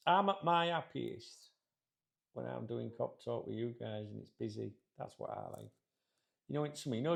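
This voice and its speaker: A man's voice: mid-range voice, creaky. A middle-aged man, hosting a football channel and grumbling to camera in a rambling, sweary, casual rant. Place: sat in a chair indoors.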